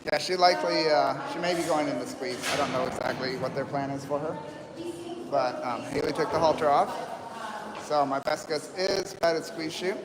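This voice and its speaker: A man with a slightly high voice narrates a live stream at a horse rescue, calm and meandering with plenty of ums. His voice carries a long echo, and a clear hum of voices from a crowd surrounds him. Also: normal speed. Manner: calm, rambling, soft-spoken with fillers. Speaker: livestream host at horse rescue. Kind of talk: live commentary. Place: outdoor horse pens with people around.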